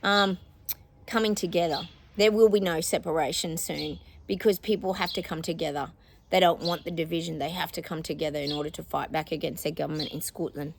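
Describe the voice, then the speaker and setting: A woman's voice: low-pitched, steady tone, a little fast, gravelly, a little hiss or hum. A woman with an Australian accent, a psychic chatting casually to her viewers in a meandering way, laughing often and drawing words out. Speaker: psychic giving predictions. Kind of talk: casual rambling monologue to viewers.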